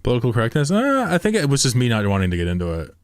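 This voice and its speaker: A man's voice: medium pitch, wildly swooping pitch, racing, smooth, no room sound, clean studio sound. A man streaming a game, chatting loosely with viewers, swearing and often laughing. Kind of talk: casual live-stream chat while gaming.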